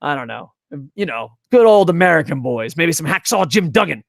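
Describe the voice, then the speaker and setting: A man's voice: on the high side, big pitch swings, brisk, vocal fry, dry recording, studio quality. Profane, rambling male stream commentator. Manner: rambling, profane, reads chat aloud. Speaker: wrestling review streamer. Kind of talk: casual live-stream commentary. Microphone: desk microphone.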